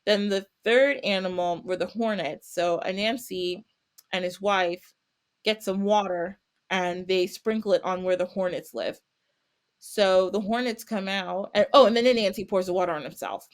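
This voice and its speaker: A woman's voice: medium pitch, normal speed. A woman guest on a podcast, telling a folktale casually and acting out the characters' lines. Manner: animated, acts out characters with little voices and laughs. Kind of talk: casual storytelling.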